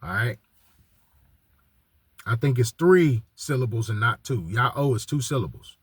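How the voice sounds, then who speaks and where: With a mid-range, slightly breathy voice and lively intonation, this religious teacher speaks a little slowly, with no room sound. He teaches in a casual monologue, restarting phrases many times and saying "all right" over and over to check in with listeners.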